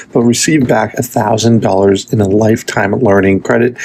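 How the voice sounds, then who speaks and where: A man's voice: lowish voice, vocal fry, darkish tone, husky, rough recording. A man presenting a punchy, promotional money news explainer. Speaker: finance content creator. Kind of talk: quick explainer.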